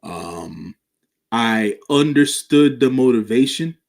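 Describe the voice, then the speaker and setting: A man co-hosting a wrestling podcast, speaking in a measured way that is full of fillers and restarts. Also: mid-range voice, lively intonation, vocal fry, darkish tone. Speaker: podcast co-host. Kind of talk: casual wrestling podcast chat.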